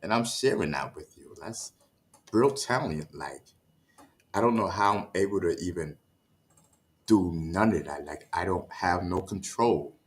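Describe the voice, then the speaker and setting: Winded, sighing low-voiced man streaming. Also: lively intonation, unhurried. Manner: sighing, stammering restarts, keeps asking "you know what I mean". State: winded, catching his breath. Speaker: livestreamer reading chat. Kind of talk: casual livestream chat. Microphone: streaming setup mic.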